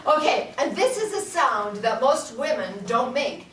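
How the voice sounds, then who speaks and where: A woman singing teacher with a high, bright voice and big pitch swings speaks unhurriedly, far from the mic, while leading a voice workshop for a live audience in a large room. Playful and laughing often, she demonstrates sung vowel sounds; the recording has roomy echo, off-mic sound, and audible room noise.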